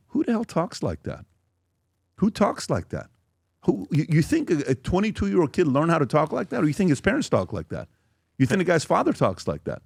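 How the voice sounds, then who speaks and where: A man's voice: fairly high pitch, brisk, creaky, husky, no echo. A man hosting a podcast in a studio, talking casually and acting out quotes he reads aloud. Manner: animated, acts out quotes and reads tweets aloud. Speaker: podcast host.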